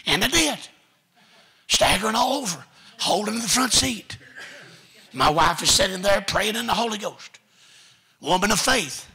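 A man preaching a sermon in a church, telling stories with folksy asides and building to shouted commands. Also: high voice, animated, unhurried, creaky, pauses often, slightly rough. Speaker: guest preacher. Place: church sanctuary.

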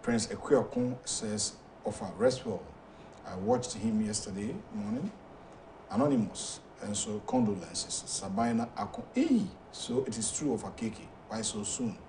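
A man with a Ghanaian accent hosting a talk show, reading viewer messages aloud in a halting way with many fillers. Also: on the low side, a little mellow, recorded from a distance, a little hiss or hum.

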